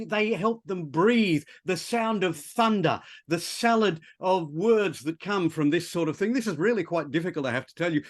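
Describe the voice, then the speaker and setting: A man giving a playful, rambling improvised speech on a video call. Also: fairly high pitch. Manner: rambling and whimsical, self-mocking. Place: online video meeting. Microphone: computer mic on a video call.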